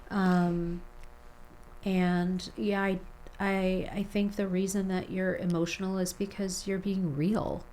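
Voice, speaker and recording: A woman with a low voice hosts a heartfelt podcast interview. She talks her guest through slow, soothing reflections that build in long lists. A faint hum sits under her voice. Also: level tone, darkish tone, rough recording. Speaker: podcast host.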